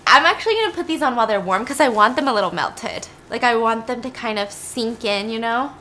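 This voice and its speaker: Bright, chatty young woman storyteller. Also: fairly high pitch, animated, fairly quick, slight background noise. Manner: chatty, emphatic, wry asides. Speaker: storytelling vlog host. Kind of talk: casual true crime storytelling.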